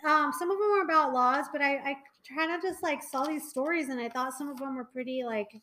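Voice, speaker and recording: A chatty young woman with a high voice co-hosts a casual podcast. She circles around her points with plenty of "um" and "like," stopping and restarting her sentences as she goes. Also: fairly quick, pushed and bright, low-quality recording. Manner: chatty, many fillers and trailing restarts. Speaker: podcast co-host. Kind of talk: casual chat.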